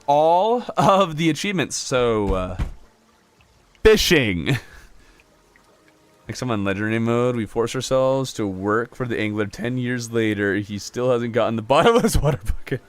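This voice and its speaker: A man streaming a video game, chatting casually with his chat and laughing often in a jokey, animated way. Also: medium pitch, measured pace. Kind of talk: casual live-stream chat, reading chat aloud.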